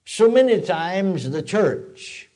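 A man's voice: sits high, sing-song, slow, mellow. Older man preaching a folksy sermon. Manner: folksy storytelling preaching, rising to emphatic declarations.

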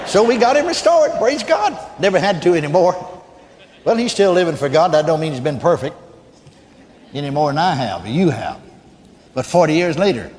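An older man preaching a sermon, telling stories in a folksy, animated way that rises to shouts of praise. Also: on the high side, slight background noise. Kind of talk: sermon storytelling. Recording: hall reverb.

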